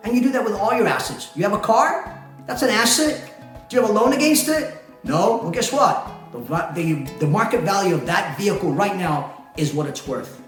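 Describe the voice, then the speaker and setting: Speaking at a normal speed in a high, animated voice, a man who runs a company as its president explains things to camera in a chatty manner. He asks rhetorical questions and frequently laughs, all in a very echoey room where faint music plays.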